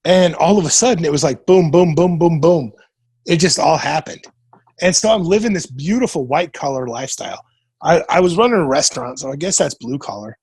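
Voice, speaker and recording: A husky, slightly breathy man of about forty, from Nebraska, with a fairly high voice for a man. He tells stories casually and swears freely, slipping into the voices of the people he quotes. The sound is dry and close, with no room echo. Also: lively intonation, fairly quick, darkish tone. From Nebraska, USA. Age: 40s. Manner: profane, retells events by acting out quoted dialogue. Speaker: podcast guest. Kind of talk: casual storytelling.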